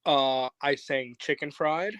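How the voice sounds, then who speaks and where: Brief: male co-host, relaxed teasing banter, mid pitch, dry close sound. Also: slow, clear, resonant tone, no echo. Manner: laid-back, teasing, says "bro" and "like". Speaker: co-host of a wrestling watch-along. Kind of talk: casual live commentary chat.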